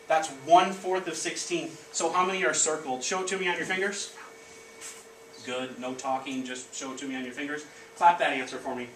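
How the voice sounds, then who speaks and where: A man teaching a class of children, leading the lesson with energetic call-and-response prompts. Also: fairly high pitch, fairly quick, a loud crowd. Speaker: elementary school teacher. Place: elementary school classroom. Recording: echoey classroom, distant mic, background noise.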